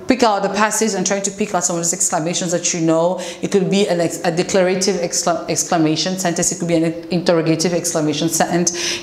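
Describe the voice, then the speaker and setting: A woman English teacher giving a relaxed, conversational classroom lesson, mixing in French explanations. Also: mid-range voice. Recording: echoey room, faint noise.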